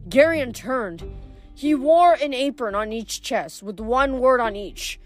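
A woman reading a novel aloud in steady first-person narration, with small restarts. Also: a little high, takes it slowly, soft background music. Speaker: audiobook reader.

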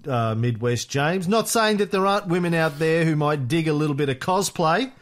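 A man's voice: a little high, expressive, moderate pace. A man co-hosting a podcast in casual banter, cheeky, teasing and profane. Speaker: podcast co-host.

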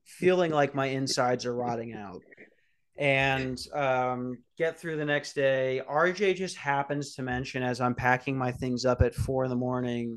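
A young man casually telling a rambling story on a podcast, swearing and acting out quotes. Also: medium pitch. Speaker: podcast host.

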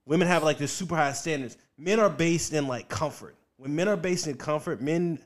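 A man's voice: on the high side, brisk. A young male comedian, a guest on a podcast, talking in a rambling casual way with many fillers and frequent laughs.

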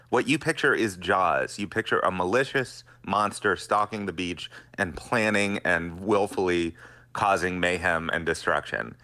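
Middle-aged male scientist guest, low voice, forceful bright delivery, earnest explainer. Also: a little slow. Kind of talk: radio interview answers.

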